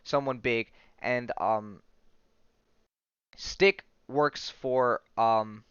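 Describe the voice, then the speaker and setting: A podcast host recapping a comic book story in a relaxed, rambling way, with many fillers and self-corrections as he reads the dialogue aloud. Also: medium pitch, drawn-out words, clear, resonant tone, dry recording, muffled recording.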